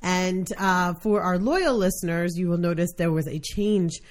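An excitable woman from Brooklyn hosts a casual podcast, sitting a little low in her range. She chats in quick, laughing bursts. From Brooklyn, New York. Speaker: podcast host.

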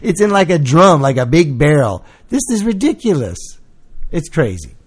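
A man's voice: on the high side, sing-song, moderate pace, slightly rough. A man co-hosting a podcast, telling a story in a rambling, self-deprecating way with lots of swearing. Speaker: podcast co-host. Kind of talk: casual storytelling chat.

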